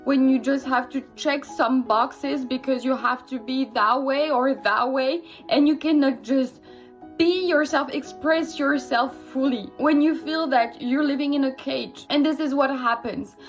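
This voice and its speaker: A woman's voice: sits high, unhurried, soft background music. A young woman speaking candidly and emphatically in a personal vlog, swearing freely.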